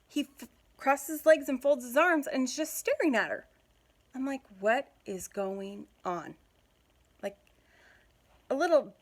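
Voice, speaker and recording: A woman's voice: on the high side, fairly bright tone. A woman in her thirties, a mom telling a family story in a chatty, giggly vlog style. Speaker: mom vlogger.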